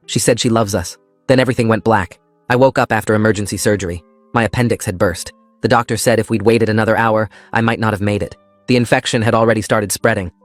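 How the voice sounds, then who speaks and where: A man narrating a first-person story in a calm, steady scripted style. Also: fairly low pitch, dry recording.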